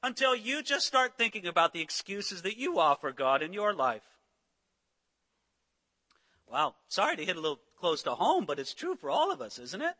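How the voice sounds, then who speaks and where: Male pastor, high voice, lively sermon delivery with dramatized quotes. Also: moderate pace, long reverb tail. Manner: animated preaching, acting out biblical voices.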